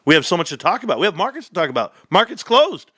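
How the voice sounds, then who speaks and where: A man hosting a stock market livestream, talking in an excitable, joking, rambling rant. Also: sits high, fast, no echo, studio quality. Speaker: stock market stream host.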